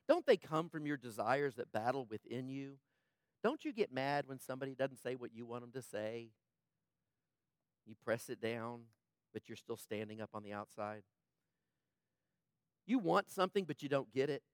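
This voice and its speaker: A man preaching a sermon as pastor, impassioned, swinging between loud urgent passages and hushed ones. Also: mid-range voice, animated, moderate pace, long pauses, clean tone, no room sound, studio quality.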